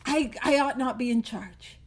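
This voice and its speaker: A woman from Canada with a high voice speaks at a recovery meeting. She talks conversationally, with plenty of self-deprecating jokes. She comes through a video call. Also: normal speed, slightly rough.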